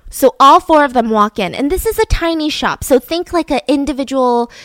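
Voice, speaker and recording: A young adult woman hosting a podcast, telling a true story in a casual, animated way and building suspense with frequent asides to her listener. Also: sits high, normal speed, no room sound, studio quality.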